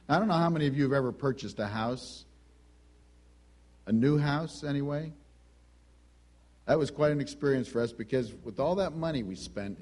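A man preaching a sermon, telling a personal story in a conversational, animated way and acting out the dialogue. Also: a little high.

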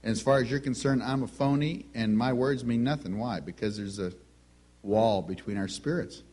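Animated storytelling male preacher. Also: mid-range voice, moderate pace, breathy edge. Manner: animated storytelling, acts out quoted voices. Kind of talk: sermon.

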